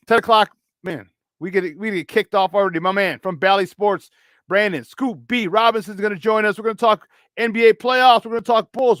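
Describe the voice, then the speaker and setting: A man with a Chicago accent hosting a morning sports talk show, loose and joking as he gives hyped shout-outs to listeners. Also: high voice, no room sound, clean studio sound. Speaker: sports talk radio host.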